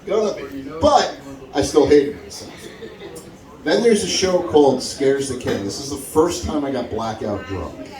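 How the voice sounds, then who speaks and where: A somewhat slow-paced stand-up story comes from a man at a comedy club open mic. He stays animated, mimicking those he quotes with big vocal jumps, while audience laughter rings through the echoey room captured on a distant mic.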